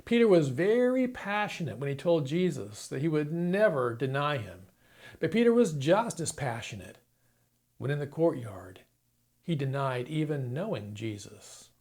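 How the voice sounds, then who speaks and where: Lively, animated male pastor preaching. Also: fairly high pitch, unhurried. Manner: dramatic retelling, acting out quoted lines. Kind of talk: sermon.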